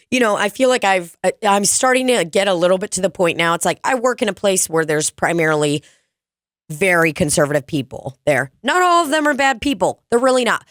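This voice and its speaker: A woman's voice: medium pitch, a bit bright, no room sound, clean studio sound. A woman co-hosting a casual podcast, blunt and crude, swearing freely as she talks. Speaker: podcast co-host.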